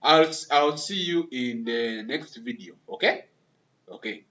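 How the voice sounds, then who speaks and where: A man's voice: mid-range voice, lively intonation, measured pace, a bit bright, highs cut off. A man teaching a beginner coding lesson over a screen recording. He repeats phrases often, keeps checking with "okay?", and encourages his viewers. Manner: repetitive, keeps asking "okay?"; encouraging, addresses viewers as members and guys. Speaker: web development instructor.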